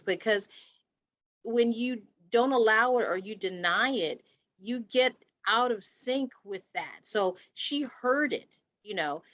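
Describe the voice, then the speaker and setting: A woman's voice: fairly high pitch, a bit bright, no room sound. A woman co-hosting a podcast in casual conversation, reflective and repeating phrases for emphasis. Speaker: podcast co-host. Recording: dry, dull lo-fi sound.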